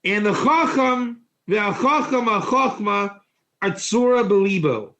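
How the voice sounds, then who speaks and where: A man giving an informal Torah class, energetic and joking, putting questions to his listeners in a classroom. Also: high-pitched, slow. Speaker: Torah teacher.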